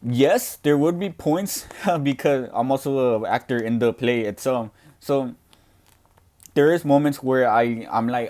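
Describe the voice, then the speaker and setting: A young deaf man speaking loudly and earnestly in a casual question-and-answer talk, with frequent restarts. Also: mid-range voice, unhurried. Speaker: student podcaster answering questions.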